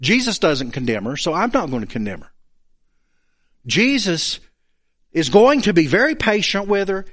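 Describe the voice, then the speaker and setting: A man preaching a sermon, acting out the quoted speakers as he goes. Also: high voice. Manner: animated, acts out the quoted speakers.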